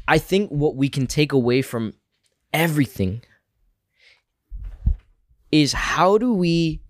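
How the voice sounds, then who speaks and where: A man's voice: on the high side, dry recording, clean studio sound. A man co-hosting a casual Bible discussion podcast, speaking earnestly and reflectively as he draws lessons about faith. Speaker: podcast co-host.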